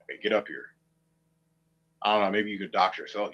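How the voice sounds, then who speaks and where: A man's voice: deep voice, brisk, pauses often, a bit bright, lo-fi sound. A man streaming, ranting to viewers with a profane, mocking, combative manner. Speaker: online streamer.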